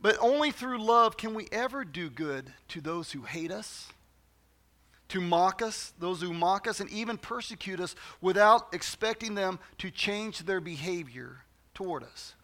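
A man's voice: high voice, expressive, a little slow, sharp tone. A man preaching a sermon as pastor in a church, talking conversationally to the congregation and repeating phrases for emphasis.

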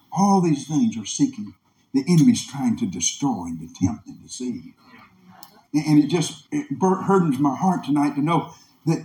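A man's voice: on the high side, a little mellow. A man preaching a revival sermon in a church, impassioned, with a rising and falling preaching cadence. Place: church meeting room. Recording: echoey room.

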